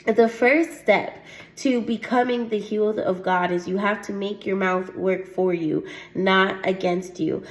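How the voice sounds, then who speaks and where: A woman's voice: mid-range voice, steady tone, measured pace. Earnest woman preaching in an echoey room. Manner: earnest, repeats "Amen" often, laughs lightly. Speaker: host of a faith testimony show. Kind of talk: teaching sermon with scripture reading.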